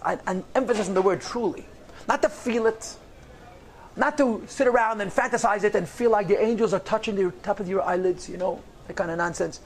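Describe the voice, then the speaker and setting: A man's voice: high voice, a little hiss or hum. A man, a rabbi, giving a passionate lecture on Jewish texts, hammering points with repeated phrases and sprinkling in Hebrew and Yiddish terms. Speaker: rabbi teaching a class.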